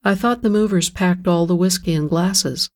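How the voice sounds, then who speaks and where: A narrator voicing a tense wife who answers politely but anxiously in a storybook reading. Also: female voice, lowish voice, moderate pace, darkish tone, close to an everyday voice. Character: tense, nervous wife eager to get away.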